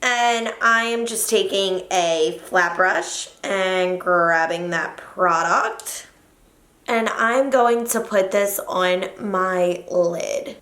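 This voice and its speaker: A woman's voice: medium pitch, drawn-out words, fairly bright tone. Chatty young woman in an echoey room. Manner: chatty, jokey, corrects her own slips. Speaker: beauty vlogger. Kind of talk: makeup tutorial chat. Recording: roomy echo.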